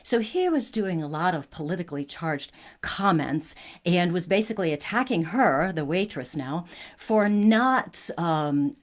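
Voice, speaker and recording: A woman's voice: on the low side, animated, a little slow. A woman hosting a spiritual talk, telling a personal story in an earnest, conversational way with frequent restarts.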